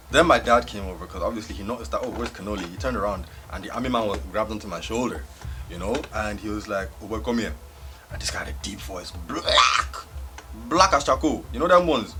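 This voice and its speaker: Animated young man telling a story. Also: lowish voice, a little hiss or hum. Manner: animated, laughing, comic storyteller. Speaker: vlogger. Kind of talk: storytime vlog.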